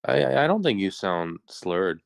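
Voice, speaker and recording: A man's voice: deep voice, very animated, normal speed, gravelly, no room sound, studio quality. A man co-hosting a casual podcast chat, teasing his friend and explaining himself patiently. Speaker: podcast co-host.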